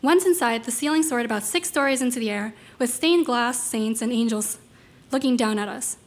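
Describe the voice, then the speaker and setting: A woman with a somewhat high voice reads a first-person story aloud to listeners. Her delivery is animated, and she gives quoted lines their own voices. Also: normal speed.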